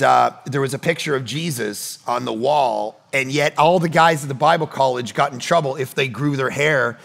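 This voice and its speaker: A middle-aged man preaching a sermon as pastor, telling stories conversationally with quick asides and animated re-enactments of the people he quotes. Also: mid-range voice, vocal fry. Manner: conversational storytelling with rapid asides.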